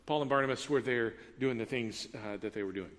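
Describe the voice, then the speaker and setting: A pastor preaches a sermon in a reverberant church hall, speaking conversationally and posing questions to the congregation. His voice is medium in pitch and a touch fast.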